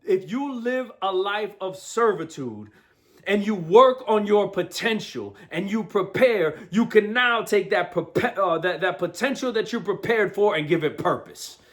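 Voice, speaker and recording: A man with a fairly high voice gives a motivational talk as host. He speaks with energy and street slang, and he often stops to repeat words or check in with "right?". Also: expressive, a little slow, fairly bright tone.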